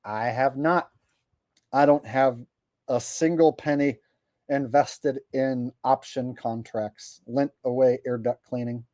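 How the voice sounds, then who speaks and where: During a casual livestream, a man reads viewer super chats out loud using mock voices and rants bluntly, exasperated and swearing. He speaks slowly in a steady, mid-range, slightly mellow voice, with no room sound audible.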